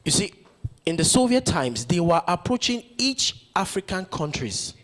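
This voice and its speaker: High-pitched and sing-song with a fairly bright tone, a man from Nigeria speaks at normal speed. He gives a rousing motivational conference speech full of rhetorical questions.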